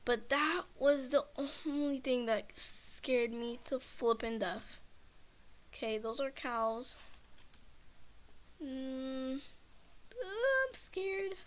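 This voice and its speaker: A woman with a high voice talks through her gameplay in casual, rambling commentary. She sounds shaken and nervous, keeps circling back to the same frightened phrases, and loops her exclamations over and over. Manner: frightened, rambling, repeats herself. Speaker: gamer, channel host.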